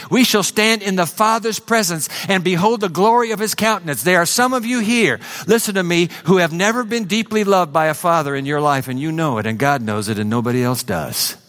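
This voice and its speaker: A man preaching a sermon to a congregation, emphatic, swinging between loud declarations and hushed, intimate passages. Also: high voice. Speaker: pastor.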